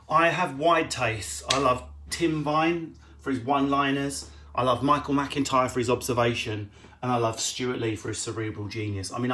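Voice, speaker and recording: A man's voice: medium pitch, fairly bright tone. A man, a comedian, answering viewer questions at home in a casual, cheeky, sweary way. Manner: cheeky, sweary, quick-witted. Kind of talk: casual live Q&A.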